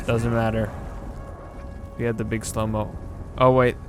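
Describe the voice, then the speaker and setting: A man's voice: mid-range voice, level tone, unhurried, faint music behind. A man giving casual, sarcastic running commentary while playing a video game, often exasperated. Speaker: gaming video host. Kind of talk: casual let's-play commentary.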